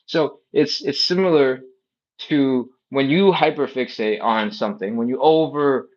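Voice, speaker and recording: During a casual live stretching stream, a male instructor wanders through tangent-filled explanations. He speaks a little slowly at medium pitch, and the high frequencies of the audio are cut off.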